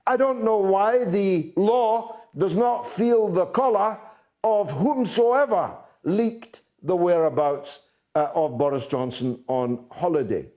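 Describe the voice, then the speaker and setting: A man hosting a talk show, delivering a political monologue in a fairly high voice. He speaks slowly and deliberately, leaning hard on key words and pausing often with "uh" as he builds his points. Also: mellow. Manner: deliberate, emphatic, with frequent "uh" pauses.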